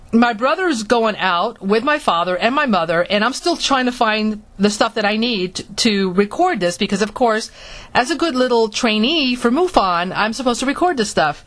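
A woman from Florida telling a personal story in a halting manner, with many restarts. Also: on the high side, lively intonation, fairly bright tone. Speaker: speaker recounting her experiences.

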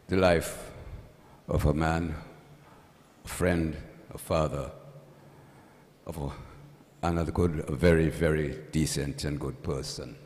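Deep, slow-spoken priest in a church. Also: male voice, a little mellow. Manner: measured, solemn delivery with dry humor. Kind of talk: gospel reading and funeral homily. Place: church at a funeral service. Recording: long church reverb.

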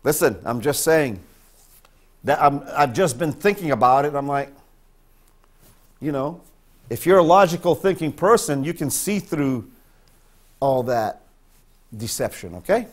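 A man's voice: a little high, animated, a little slow, long pauses. A man from northern Maine preaching a sermon as pastor, emphatic and repeating his points for stress.

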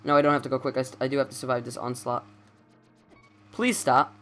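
A man's voice: mid-range voice, flat delivery, brisk, a bit bright, soft background music. A young man giving casual let's play commentary, rambling and stammering as he corrects himself.

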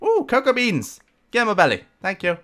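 A man in the middle of a let's-play, narrating with excitable, self-mocking energy. His voice is a touch higher than most men's, swings widely up and down, and has a bright edge. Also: a little fast. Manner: excitable, talks to the game, self-mocking outbursts. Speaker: gameplay commentator.

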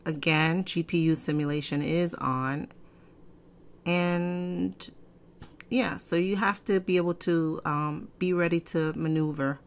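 A woman hosting a casual software tutorial, chatty and digressive, often clearing her throat. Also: sits low, fairly even intonation, takes it slowly. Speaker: fashion software tutorial host. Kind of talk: casual screen-recorded tutorial. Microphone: desk microphone.

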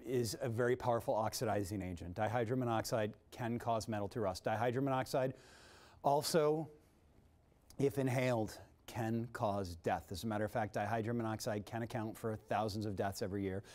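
Hosting a children's science demonstration in a TV studio, this man is energetic and showy, his pitch and volume swinging widely.

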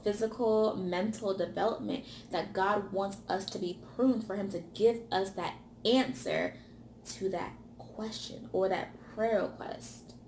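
A woman giving a motivational sermon, stacking repeated phrases for emphasis and dropping to a hush on key words. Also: medium pitch, echoey room, slight background noise. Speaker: ministry speaker.

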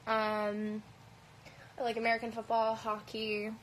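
A woman's voice: fairly high pitch, monotone, a little slow, a little hiss or hum, low-quality recording. A woman with a light Canadian accent chatting casually on a phone livestream, answering comments in a blunt, profane way with plenty of "um"s and "like"s. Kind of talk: casual live Q&A chat. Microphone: phone held at arm's length.

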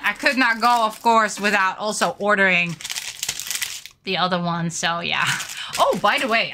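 A young woman casually showing off her collectible merchandise, gushing and excitable with frequent giggles. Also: mid-range voice, slight background noise. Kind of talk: casual unboxing chat.

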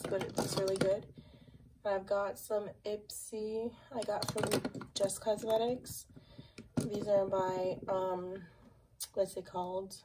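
A woman's voice: medium pitch, heavy background noise. A young woman casually touring her makeup collection, rambling with lots of fillers. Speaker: beauty vlogger.

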